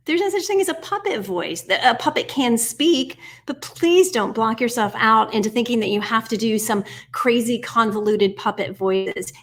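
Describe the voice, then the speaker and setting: Woman, 40s, American puppetry teacher; bright higher voice, energetic and encouraging, counting steps aloud and slipping into whispers. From United States. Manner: energetic and encouraging, keeps asking "right?". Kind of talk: online workshop instruction.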